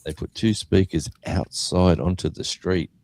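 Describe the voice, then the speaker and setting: A man's voice: low voice, measured pace, creaky, no room sound. An Australian man, a guest musician, telling a story in casual chat and acting out what people said. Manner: animated storyteller acting out quotes.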